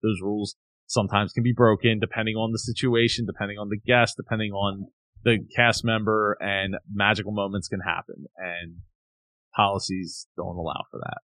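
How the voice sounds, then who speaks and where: A man's voice: on the low side, little pitch movement, normal speed, a bit bright, no room sound. A man co-hosting a casual talk show, ranting animatedly about a company's return policy and mock-quoting its staff. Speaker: podcast co-host. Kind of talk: casual chat, telling a complaint story.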